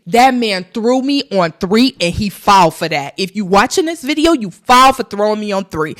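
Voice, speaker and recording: A woman's voice: mid-range voice, normal speed. A young woman vlogging, telling a travel story casually and animatedly to her viewers. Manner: animated, addresses viewers as y'all.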